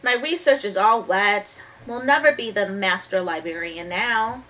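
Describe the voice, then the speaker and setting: A cautious, thoughtful young boy from a storybook, read aloud by a woman. His lines come out subdued and quieter than the narration. The recording is taken from a distance. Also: mid-range voice, unhurried.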